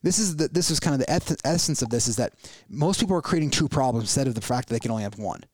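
A man's voice: medium pitch, animated, racing, darkish tone, no room sound. A man hosting a podcast in casual motivational talk, earnest and repetitive, acting out worried inner voices in quoted asides. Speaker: podcast host.

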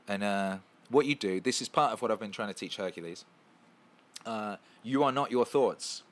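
A man's voice: lowish voice, fairly bright tone. A man hosting a casual live stream, answering chat questions in an emphatic, profane, repetitive way.

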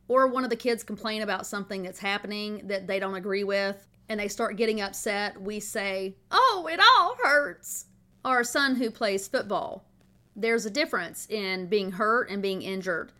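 A woman's voice: medium pitch, fairly bright tone. A middle-aged woman, hosting a podcast and telling a family story in a chatty, folksy way. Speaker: podcast host.

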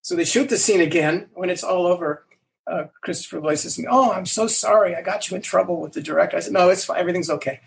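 An older man who creates languages answers interview questions with animated stories, acting out the lines he quotes. His voice is high-pitched, and the recording is rough.

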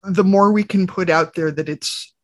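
A woman's voice: on the low side, fairly even intonation, moderate pace. A woman co-hosting a podcast, telling candid, chatty stories about family life. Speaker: podcast co-host. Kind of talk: casual podcast conversation.

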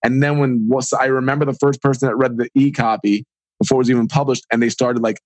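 A man in his forties, a podcast guest and author, talking in a casual, energetic and rambling way and acting out little imagined dialogues. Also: mid-range voice, fast talker, dry recording. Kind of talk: casual interview talk.

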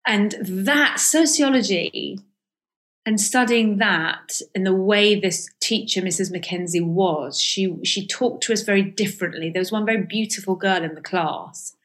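A middle-aged woman speaks as an interview guest, candid and reflective. She hesitates often and restarts her sentences, filling gaps with soft ums as she thinks aloud. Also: medium pitch, a little slow. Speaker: guest, comedian and author. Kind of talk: reflective casual interview talk.

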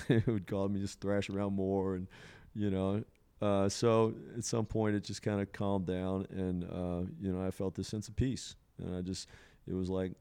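A man's voice: sits low, flat delivery, moderate pace, hardly any pauses, mellow, clean tone. A man telling a personal story in casual conversation, rambling with many fillers and frequent laughter. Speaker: podcast guest sharing a psilocybin experience.

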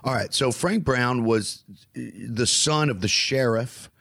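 A man's voice: medium pitch, slow pace, creaky, no room sound, clean studio sound. A man, a comedian, telling rambling comic stories and acting out the people in them. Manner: animated, acts out voices in his anecdotes. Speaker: comedian and podcast host.

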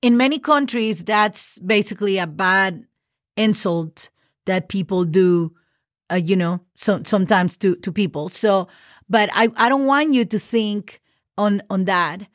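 A woman's voice: medium pitch, no echo, studio quality. A woman hosting a casual podcast lesson, patiently spelling words letter by letter and often checking in with "okay". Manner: slows down for example sentences. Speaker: Spanish teacher podcast host.

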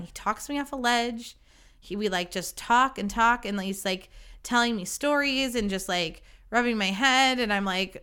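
Here a young woman runs her own podcast and spins a casual story, poking fun at herself and cursing without restraint. She speaks at a moderate pace in a fairly high pitch, and her tone is fairly bright, clear and resonant.

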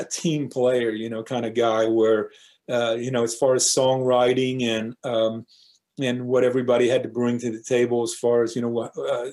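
A man's voice: medium pitch, a little mellow. Rambling man in his fifties. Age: 50s. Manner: rambling, leans on 'you know' fillers. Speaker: guest musician. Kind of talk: casual interview chat.

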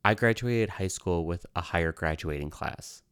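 Guy hosting a spooky true crime podcast, low voice, smooth, dry close sound, chatty and goes off on tangents. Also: normal speed, a bit bright, no room sound. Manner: chatty, tangent-prone, self-amused. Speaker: podcast host. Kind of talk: casual podcast storytelling. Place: lives in New York City.

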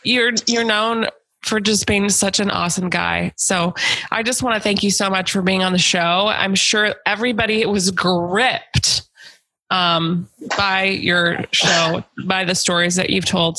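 Gravelly, bright-toned woman podcast host. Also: mid-range voice, measured pace, no echo, poor audio. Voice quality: warm, emotional, effusive. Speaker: supervisor. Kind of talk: casual chat.

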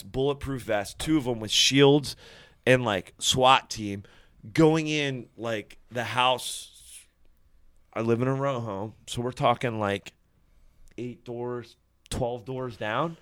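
A man's voice: medium pitch, a bit bright, clean tone, no room sound, studio quality. A young man telling a long story in casual chat, cursing freely and restarting his sentences. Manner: profane, rambling storytelling with restarts. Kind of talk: casual chat among friends.

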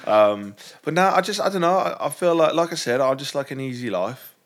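A man's voice: medium pitch, lively intonation, fairly quick. A young man talking candidly as a podcast guest, in a casual, chatty way with lots of "like". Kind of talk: candid conversation.

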